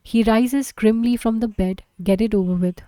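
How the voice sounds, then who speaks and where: A woman reads a novel aloud in a plain, steady way and sometimes stumbles over a word. Her voice is mellow and soft rather than bright. The recording is dry and close, in a quiet room. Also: fairly high pitch, normal speed, dry recording. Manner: plain, steady reading with occasional slips. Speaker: audiobook reader.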